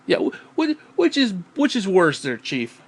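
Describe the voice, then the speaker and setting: A man ranting casually at home, profane and rambling, often clearing his throat and short of breath. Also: high-pitched, huge pitch swings, a little slow. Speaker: vlogger.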